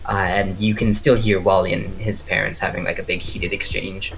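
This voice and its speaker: A man's voice: low-pitched, flat delivery, moderate pace, fairly bright tone. Casual, rambling man running a game. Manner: casual, filler-heavy, rambling. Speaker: game master. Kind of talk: narrating a tabletop horror game.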